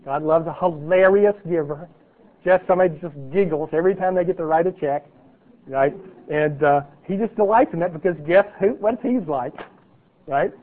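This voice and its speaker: A man's voice: sits high, fairly quick. A man teaching a sermon in a conversational way, checking in with the listeners with "okay" and "right". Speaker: preacher. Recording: tinny phone-like audio.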